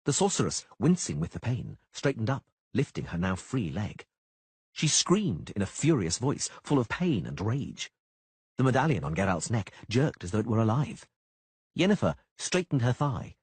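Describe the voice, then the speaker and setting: Husky, animated male audiobook narrator. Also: lowish voice, normal speed, no room sound. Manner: dramatic, animated delivery. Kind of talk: scripted fantasy audiobook narration.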